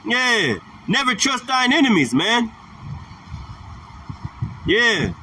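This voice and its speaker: Heard through a phone or camera livestream mic with poor audio, this male street preacher speaks slowly in an extremely high, sing-song, sharp voice. Outdoors beside passing traffic, he repeats himself emphatically in slangy talk, tacking "man" onto his lines.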